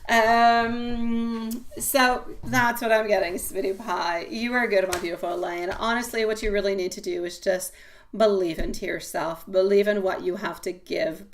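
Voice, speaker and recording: A woman's voice: medium pitch, steady tone, moderate pace. A woman giving a live-stream tarot reading, delivering an encouraging, affectionate pep talk full of pet names. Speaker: tarot reader.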